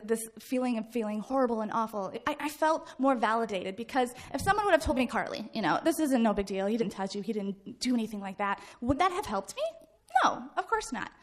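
A woman in her thirties from the American Midwest, a guest speaker telling a personal story to a live audience, acting out shouts and laughing along. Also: a little high. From Midwest United States. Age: 30s.

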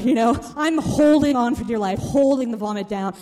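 A woman telling a funny personal story to a live audience, animated and acting out the people in it. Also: high voice, brisk, hardly any pauses.

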